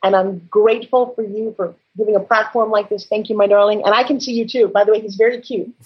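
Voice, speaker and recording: A woman guest in an interview, talking in an effusive, animated and emotional way. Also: mid-range voice, fast, slightly rough, dull audio.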